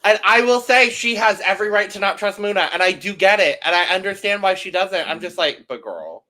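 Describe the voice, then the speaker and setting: Bright-voiced upbeat male podcast host. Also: sits high, steady tone, brisk. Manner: upbeat, emphatic, chatty. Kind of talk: casual reality TV recap chat.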